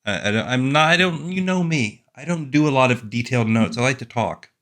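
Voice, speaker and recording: A man's voice: medium pitch, animated, brisk, a bit bright. Rambling, wry male vlogger. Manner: rambling, self-deprecating, wry asides. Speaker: author and fantasy channel host. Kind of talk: casual talking-head monologue.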